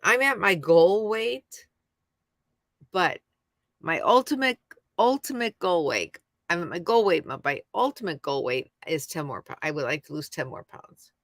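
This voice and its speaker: This is casual live chat: a middle-aged woman streams on YouTube from home, wandering between topics and greeting viewers by name. Her voice sits lowish and sounds expressive, a little slow. There's no room sound, just a clean studio quality.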